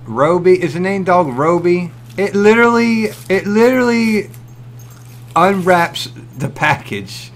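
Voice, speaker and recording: Excitable, cursing man hosting a live stream. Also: high voice, measured pace. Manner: excitable and profane, laughs often, greets chatters by name. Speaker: livestream host. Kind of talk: casual live-stream chat, reading viewer messages.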